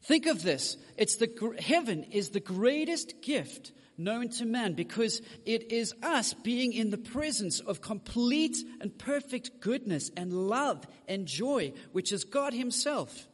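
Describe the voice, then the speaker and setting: A male preacher with a high, lively voice that swings up and down as he speaks straight to his congregation. His sermon rings out through a church hall with a long, trailing reverb. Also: takes it slowly, few pauses. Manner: direct, addresses the congregation with asides.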